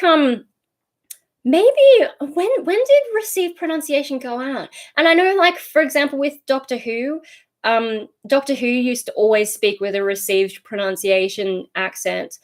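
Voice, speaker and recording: A young Australian woman talking freely on a livestream. Her voice sits a little high, and she rambles from thought to thought, easily sidetracked. She picks up viewer comments and chats back to them. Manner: reads out and answers viewer comments. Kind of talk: casual livestream chat.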